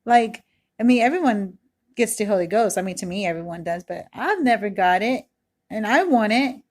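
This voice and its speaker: Close-miked in her kitchen on a self-recorded video, a woman in her thirties speaks at normal speed in a mid-range, darkish voice. Her casual testimony is expressive, earnest, and rambling, studded with "like" and "you know."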